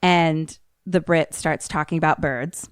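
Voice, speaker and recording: A woman's voice: low-pitched, fairly even intonation, unhurried, clean tone, no echo, studio quality. A woman co-hosting a podcast, casually retelling a film's plot and laughing often.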